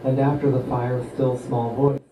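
A man reading Bible passages aloud in a steady, even way during a study group. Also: medium pitch, normal speed, background noise. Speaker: scripture reader. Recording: echoey room, from far off, faint ambience.

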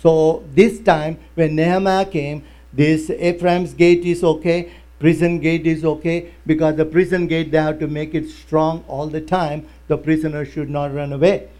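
A male pastor preaching a sermon in non-native English, telling stories with lively, broken phrasing. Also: a little high, measured pace. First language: not English. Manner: animated storytelling with broken grammar.

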